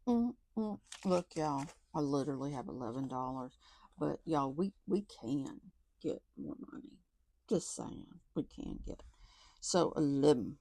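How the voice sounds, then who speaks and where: A woman chatting casually to viewers while counting out savings, talking soft and low close to the mic. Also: lively intonation, unhurried, dry recording. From Texas. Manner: chatty, soft and low, says y'all often. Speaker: budgeting vlogger.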